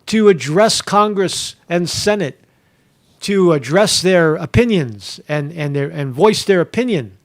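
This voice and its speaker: A sarcastic male host from Pennsylvania rambles through a live show monologue. He swears freely and restarts his sentences, and his voice sits slightly higher than most men's. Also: sing-song, takes it slowly.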